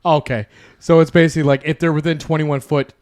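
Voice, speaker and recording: A man's voice: on the high side, level tone, fast talker, a little mellow, no echo. Laid-back young man, dry close sound. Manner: laid-back, chimes in with jokes and retellings. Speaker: podcast co-host. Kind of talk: casual chat.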